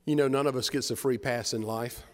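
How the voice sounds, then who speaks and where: A man's voice: medium pitch, steady tone, a little fast, in a large hall. A man preaching a sermon, retelling the story with drama and repeated phrases.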